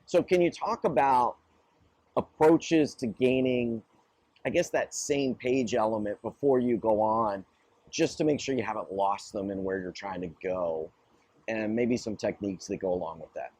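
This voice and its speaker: A man hosting a casual business podcast, telling a story in a relaxed, conversational way. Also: fairly low pitch, normal speed, breathy edge, dry recording. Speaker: podcast host. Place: studio in an office building.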